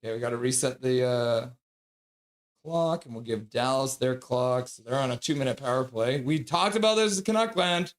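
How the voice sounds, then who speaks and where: Excitable man calling a game live. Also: mid-range voice, normal speed. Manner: excitable, cries out at big plays; coos in baby talk at his dog. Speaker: livestream host calling the game. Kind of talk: live fan play-by-play.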